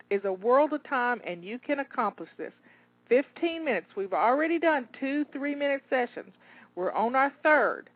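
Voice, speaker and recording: A woman's voice: high-pitched, no room sound. Encouraging woman on a tinny line. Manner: encouraging, rallying, repeats herself. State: a bit out of breath. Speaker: home organizing coach. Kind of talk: live cleaning coaching talk. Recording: tinny phone-like dry audio.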